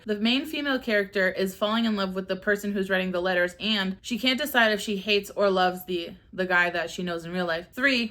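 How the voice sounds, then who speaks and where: A woman's voice: mid-range voice, fairly bright tone. Young woman ranting about books she hated, sarcastic, swears a lot, keeps laughing. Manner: sarcastic, exasperated, swears freely, laughs often. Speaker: book reviewer. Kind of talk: casual ranting book review vlog.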